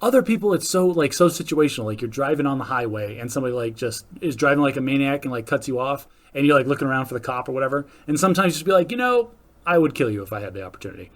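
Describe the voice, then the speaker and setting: Male podcast co-host, mid-pitch, animated rambler. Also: racing, few pauses. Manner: animated, rambling, jokey with frequent "like". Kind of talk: casual chat.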